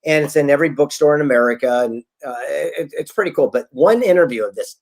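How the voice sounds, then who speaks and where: A man being interviewed as a guest author, telling stories in a casual, animated way and acting out the people he quotes. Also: fairly high pitch, quick pace. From Southern California. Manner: animated storyteller, acts out quotes.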